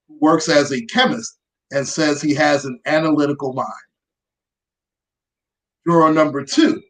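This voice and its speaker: A woman's voice: sits low, low-quality recording. Lady host reading news off her phone, dry sarcastic little asides in between. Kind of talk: reading news aloud with commentary.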